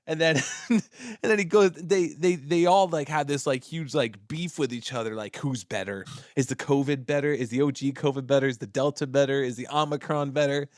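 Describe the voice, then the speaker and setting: A man's voice: medium pitch, fairly quick, dry recording, studio quality. A man co-hosting a podcast in casual chat, telling stories animatedly and laughing often. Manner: animated storyteller, acts out bits with laughter. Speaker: podcast co-host.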